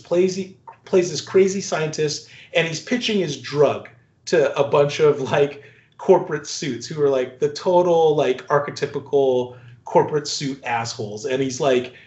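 A man's voice: on the high side, normal speed, darkish tone. A man co-hosting a casual movie review chat, ranting profanely and laughing often. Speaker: podcast co-host. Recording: echoey, dull lo-fi room sound.

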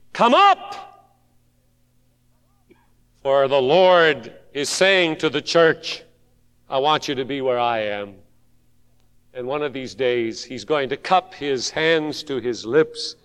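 A man delivers a sermon in a high, smooth, resonant voice, taking his time over each phrase. He swings between ringing calls and quiet pleading. The sound hangs in the long reverb of a large hall. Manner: dramatic swings from shouted calls to hushed pleading. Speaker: preacher.

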